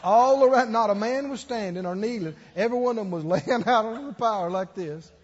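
A preacher delivers his sermon in a high, slightly husky voice, acting out the people in his stories. The recording is muffled, and a long echo hangs in the church hall. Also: fairly quick. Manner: animated storytelling with acted-out quotes and laughter. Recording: dull echoey church hall.

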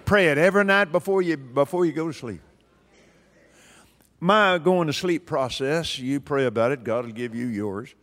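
A man's voice: a little high, normal speed, a bit bright. An older man preaching a sermon in a folksy, emphatic way, repeating phrases for stress. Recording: long hall reverb.

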